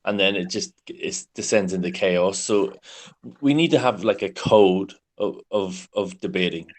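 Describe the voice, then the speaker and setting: A man talking as a guest in a casual chat, speaking earnestly with some halting phrasing. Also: low-pitched.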